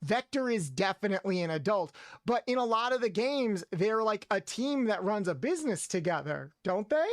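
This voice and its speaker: A man's voice: high-pitched, big pitch swings, normal speed, hardly any pauses, no echo, studio quality. A man streaming a video game, chatting playfully with his viewers in a loose, rambling way. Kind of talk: casual gameplay commentary. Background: faint game music.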